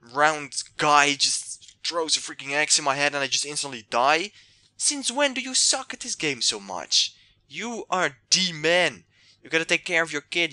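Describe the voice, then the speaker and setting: A young man giving excitable let's play commentary, yelling and trash-talking the game. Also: fairly high pitch, dry recording. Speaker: gamer.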